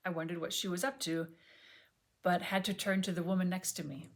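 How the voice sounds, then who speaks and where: A woman reading an audiobook chapter aloud at home, gentle and measured, sometimes dropping to a near whisper. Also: fairly low pitch, steady tone. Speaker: audiobook reader. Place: home, on a sofa.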